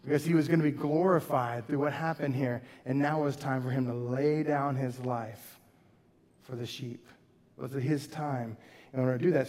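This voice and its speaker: A man's voice: on the high side, warm tone, long reverb tail. A man preaching a sermon as pastor, earnest, rising and dropping his voice for emphasis. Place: church sanctuary.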